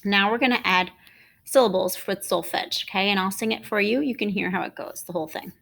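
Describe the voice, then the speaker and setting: A woman teaching an online music lesson, explaining rhythm and solfege in a clear, patient, encouraging way. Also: medium pitch, brisk, fairly bright tone.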